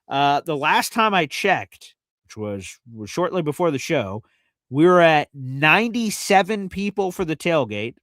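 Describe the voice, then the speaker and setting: A man's voice: fairly high pitch, a bit bright, no room sound. A man hosting a live fan show in casual talk, chatty and enthusiastic, explaining things step by step. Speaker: host of a fan radio show.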